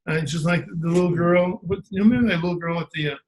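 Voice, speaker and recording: A man with a slightly higher voice tells a story with lively energy. He slips into the voices of the people in it as he goes. The delivery is casual and conversational, with faint noise underneath. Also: quick pace, rough recording. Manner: animated, acts out quoted voices. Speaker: guest storyteller. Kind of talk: anecdotal storytelling.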